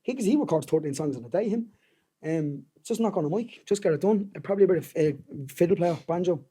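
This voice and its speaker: A man's voice: sits high, expressive, quick pace, dark tone, breathy edge. A young Irish man with a Dublin accent, a guest singer-songwriter rambling through stories in casual podcast chat and swearing freely. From Dublin, Ireland.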